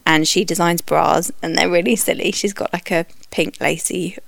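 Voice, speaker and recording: A woman reviewing a film for a podcast, talking candidly and with animated opinions. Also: lowish voice, moderate pace, creaky, no room sound. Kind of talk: conversational narration.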